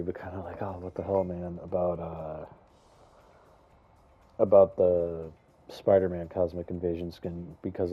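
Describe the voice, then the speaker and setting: A young man giving casual, rambling commentary on a video game, chatty and excitable, with lots of fillers and some stuttering. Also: low-pitched, slightly rough, muffled recording. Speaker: gaming YouTuber.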